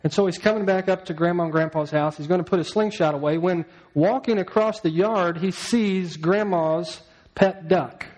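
Man, pastor, fairly high voice, sermon, storytelling, questions to the church. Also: normal speed, a little mellow, low-quality recording. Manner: storytelling, asks the congregation questions.

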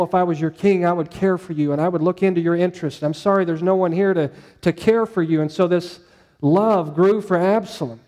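Mellow-voiced pastor preaching conversationally. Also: male voice, on the high side, big-room sound. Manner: conversational, asks the congregation questions. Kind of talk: sermon.

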